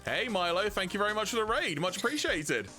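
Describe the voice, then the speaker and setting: A man's voice: high voice, sing-song, a little fast, sharp tone, faint music behind. A man hosting a game stream, thanking viewers and chatting with amused chuckles. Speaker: streamer, host. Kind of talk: casual chat while playing.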